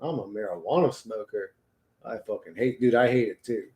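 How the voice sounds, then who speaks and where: A man hosting a casual livestream, rambling and joking with a lot of swearing, swinging between low mumbles and loud bursts. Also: normal speed. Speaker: livestream host reading chat.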